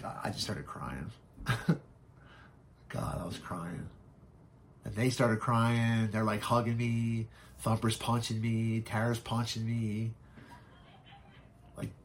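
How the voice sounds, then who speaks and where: A man with a low, gravelly voice, speaking as a podcast guest. He tells his story candidly and haltingly, with plenty of fillers and frequent swearing. His tone stays rough and grounded throughout. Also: a little hiss or hum.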